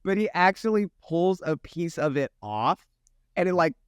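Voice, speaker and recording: A man's voice: high voice, animated, normal speed, clean tone, dry recording, clean studio sound. A man in a casual movie review chat who halts and searches for his words.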